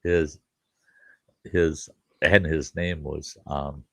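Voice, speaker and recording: A man's voice: extremely low pitch, little pitch movement, drawn-out words, creaky, a bit bright, dry recording. A middle-aged man, a campground host, telling rambling, profane stories in casual chat and laughing at his own jokes. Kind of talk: casual live chat storytelling.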